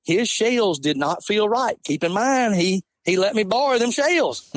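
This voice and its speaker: A man, telling an animated, laughing hunting story in casual talk. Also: high voice, measured pace, dry recording. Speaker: podcast guest.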